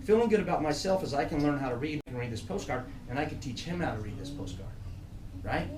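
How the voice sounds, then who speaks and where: A middle-aged man speaks to a room of young trainees in a fairly high voice. He gives a motivational talk and tells animated stories from his own life. He is picked up from a distance, and the room echoes around him. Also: fast talker, crowd noise. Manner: storytelling, animated, laughing through funny parts. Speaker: program director speaking to youth trainees. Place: room with an audience.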